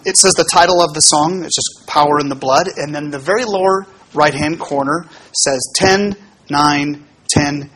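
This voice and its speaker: Husky-voiced pastor teaching casually. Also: male voice, on the high side, fairly bright tone. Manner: casual and explanatory, with many fillers and asides. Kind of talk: teaching talk on hymns to a congregation.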